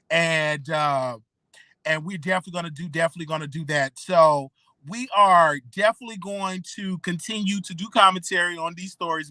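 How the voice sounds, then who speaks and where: Emphatic blogger in their thirties, bright voice. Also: medium pitch, no echo. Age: 30s. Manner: emphatic, repeats "okay?" and "you know what I'm saying". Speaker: blogger and show host. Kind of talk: solo commentary vlog.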